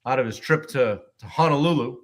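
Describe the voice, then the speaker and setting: A man hosting a casual live stream, relaxed and chatty, with frequent fillers and restarts, talking with a guest over a video call. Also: mid-range voice, a little fast.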